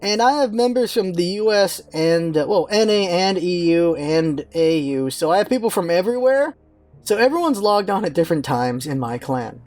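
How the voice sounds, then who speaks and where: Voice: mid-range voice, expressive, moderate pace, darkish tone, no echo, faint music behind. A gaming channel host giving rambling, offhand casual commentary while browsing game menus.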